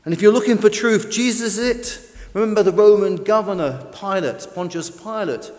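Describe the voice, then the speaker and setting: In what sounds like a big church or hall with long reverb, a man with a high voice preaches at a moderate pace. His delivery is emphatic and varied, the stress swelling and easing line by line.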